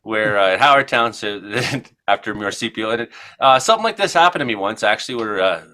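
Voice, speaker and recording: A man in his forties from Ontario hosts a casual radio show. His voice is bright and forward as he rambles from one odd news item to the next, full of "uh" and loose asides. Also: on the low side, lively intonation, brisk. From Ontario, Canada. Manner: rambling storyteller, many fillers. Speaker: co-host. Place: radio studio.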